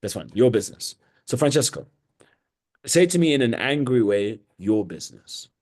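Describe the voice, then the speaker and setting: A man's voice: mid-range voice, very animated, moderate pace, darkish tone. A man coaching trainees in sales, blunt and mocking as he gives orders. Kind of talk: live sales coaching session.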